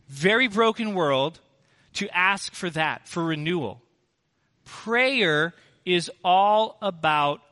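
Bright, unhurried preaching man in a hall. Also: high voice. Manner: earnest, emphatic preaching with rhetorical questions. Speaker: pastor. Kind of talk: sermon.

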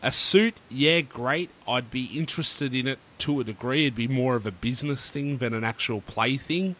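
A man's voice: mid-range voice, normal speed, pushed and bright. A man, co-hosting a casual tech chat podcast and giving laid-back, opinionated takes. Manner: opinionated, laid-back, uses Aussie slang. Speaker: podcast co-host.

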